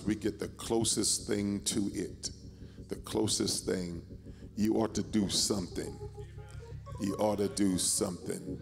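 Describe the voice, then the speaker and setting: A man leads a church service as pastor, preaching and then moving into announcements, driving his points home through repetition. His voice sits fairly low. The church rings with a long reverb, and music plays clearly underneath. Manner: repeats phrases for emphasis, exhorting the congregation. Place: church sanctuary.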